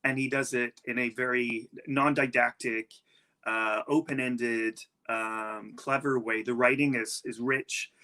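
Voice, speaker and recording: Male panel guest, bright tense tone, eager and halting. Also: mid-range voice, fairly even intonation. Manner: searching, filler-heavy, enthusiastic. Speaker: guest, science writer. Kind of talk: conversational panel discussion.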